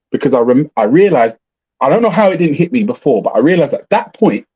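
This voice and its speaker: A man's voice: medium pitch, husky. A middle-aged man hosting a livestream, talking bluntly and swearing as he tells stories. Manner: blunt, swearing, animated storytelling. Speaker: livestream host. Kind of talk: casual ranting chat. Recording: muffled lo-fi livestream audio.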